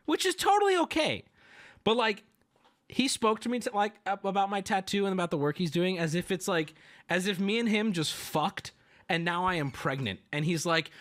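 A man's voice: high-pitched, expressive, normal speed, fairly bright tone. A man livestreaming, telling a story casually and profanely, acting out the voices of the people he quotes. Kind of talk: casual storytelling to a stream audience.

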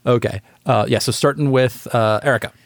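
A man's voice: mid-range voice, steady tone, brisk, vocal fry. A man hosting a podcast recording session in a casual chat, laughing often and rambling a little.

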